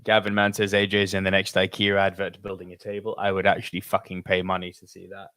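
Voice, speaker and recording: A man's voice: deep voice, monotone, fast talker, bright, forceful tone, dry recording, clean studio sound. A man from France co-hosting a podcast in casual chat, reading out listener messages, laughing and swearing easily. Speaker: podcast co-host.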